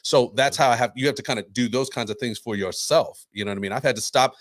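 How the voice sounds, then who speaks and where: Male podcast co-host, animated storyteller, mid pitch, dry close sound. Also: quick pace, dry recording. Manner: animated storyteller, acts out quotes, says "right?" often. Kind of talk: casual conversation.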